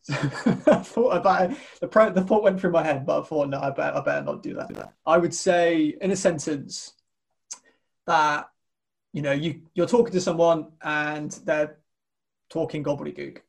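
British male podcast host, raised pitch, easygoing, laughs a lot, restarts phrases. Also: moderate pace, creaky. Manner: laughs often, repeats words while thinking. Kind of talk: casual podcast chat.

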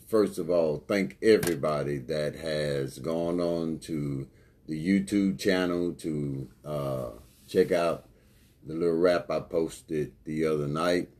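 A man hosting a podcast in an earnest, unhurried, thankful way. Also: a bass voice, lively intonation, darkish tone. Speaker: podcast host. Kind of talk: casual podcast talk.

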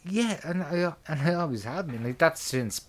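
A man's voice: a little high, lively intonation, moderate pace. A man co-hosting a casual podcast chat, rambling and joking, with frequent swearing. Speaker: co-host.

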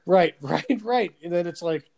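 A man's voice: high voice, measured pace, gravelly, rough recording. Profane storytelling man in his forties. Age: 40s. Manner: profane, laughing, animated storyteller. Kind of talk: casual chat with profane storytelling.

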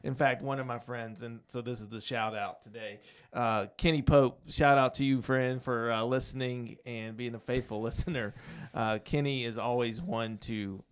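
Relaxed chuckling podcast host man. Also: mid-range voice, normal speed, hardly any pauses, clear, resonant tone. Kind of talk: casual chat.

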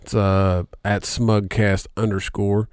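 A man hosting a podcast in casual, profane chat, laughing often and filling pauses with "uh". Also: on the low side, little pitch movement, a little mellow, clean tone, no room sound, studio quality. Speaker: podcast host.

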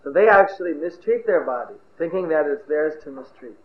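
A man's voice: on the high side, fairly quick. Man preaching over a tinny, echoey recording. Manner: animated storyteller, shouts out characters' cries. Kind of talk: sermon with storytelling.

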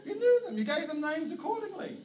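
A man with a New Zealand accent preaching a sermon as pastor, telling stories with animated delivery and shouted herding calls. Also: extremely high pitch, fairly quick. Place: church auditorium. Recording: roomy, distant hall mic with faint noise.

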